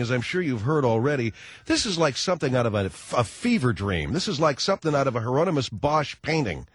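A male radio host with a husky, raspy tone and a pitch that swings widely as he rambles. His delivery is sardonic and self-mocking. The mic sound is close and dry. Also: a bit bright, dry recording. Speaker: radio talk show host. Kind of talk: comic talk radio monologue.

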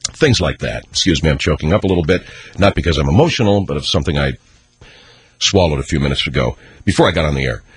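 A man impersonating a smug, self-important male movie star in a comic radio bit, speaking in a low, pompous mumble. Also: lively intonation, fast talker, breathy edge, dry recording, full character voice. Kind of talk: comedic celebrity impression on radio.

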